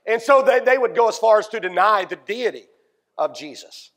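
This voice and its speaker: A male pastor with a strikingly high voice delivers an earnest sermon. He stammers through restarts and lets small chuckles slip. His words ring out with a long hall reverb. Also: expressive, normal speed, fairly bright tone. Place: church sanctuary.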